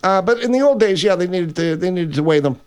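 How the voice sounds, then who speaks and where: Brief: man playing a blustery, rambling grocery magnate on his own radio show, higher-pitched voice, improv comedy. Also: animated, quick pace, darkish tone, smooth. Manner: blustery, rambling, self-correcting. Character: brash older male grocery chain owner hosting a radio show. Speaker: radio host character.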